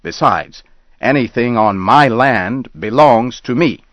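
A man's voice: sits low, very animated, moderate pace, bright, forceful tone, breathy edge, dry recording, heavily acted. A man voicing a small bespectacled landowner who is scared but stubborn, raising his voice in short, insistent demands. The recording sounds dull and lo-fi. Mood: angry, defiant.

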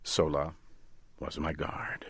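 A man narrating a story in a deliberate, measured delivery. His voice sits low and he takes his time over each phrase. The sound is dry and close, with no room echo. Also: monotone, a bit bright, breathy edge, whispered.

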